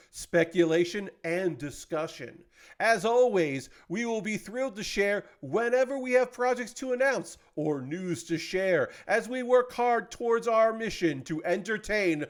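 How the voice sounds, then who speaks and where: A man's voice: high-pitched, pitched above the performer's own voice. A man voicing a grandiose male CEO who talks like a stage magician, with a theatrical, showman's delivery.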